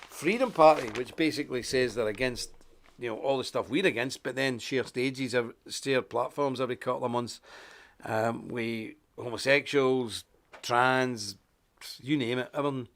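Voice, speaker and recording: A man from Ulster with an Ulster Scots accent, hosting a live show in an animated, chatty monologue and chuckling often. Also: mid-range voice, moderate pace. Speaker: host.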